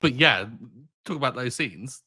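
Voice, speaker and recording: A man's voice: mid-range voice, lively intonation, measured pace, sharp tone, slightly rough. A man co-hosting a casual podcast in an easygoing way, laughing often. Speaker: podcast co-host. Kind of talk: casual chat.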